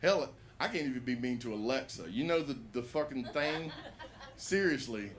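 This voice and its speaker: A man's voice: mid-range voice, lively intonation, moderate pace, slight background noise. A man telling a rambling, profane stand-up story at an open mic in a comedy bar.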